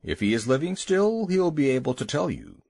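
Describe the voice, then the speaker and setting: A man's voice: on the high side, wildly swooping pitch, moderate pace, darkish tone, no room sound, heavily acted. Old walrus, surly and sleepy, voiced by a male narrator, storybook read-aloud, dry close sound. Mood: grumpy. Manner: gruff, drowsy and dismissive.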